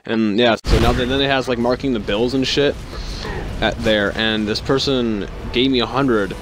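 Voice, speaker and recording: A young man telling work stories in a casual vlog, rambling and sarcastic, swearing constantly and acting out other people with sudden jumps in pitch. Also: fairly even intonation, moderate pace, music in the background. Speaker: vlogger.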